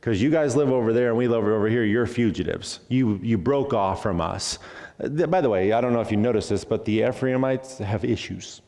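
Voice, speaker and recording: A man preaching a sermon as pastor. He talks in an animated way, acts out bits of dialogue and throws in jokey asides. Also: lowish voice, a little fast, in a large hall. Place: church sanctuary.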